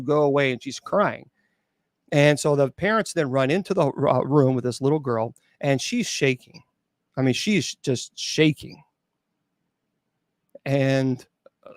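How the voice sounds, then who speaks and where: A man, a bishop and exorcist, recounts a haunting with stops, restarts and "uh"s. He breaks off into emphatic, disbelieving asides. His voice sits mid-pitch and sounds dry and close. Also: dry recording. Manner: halting, with many restarts and fillers. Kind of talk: storytelling at an open mic.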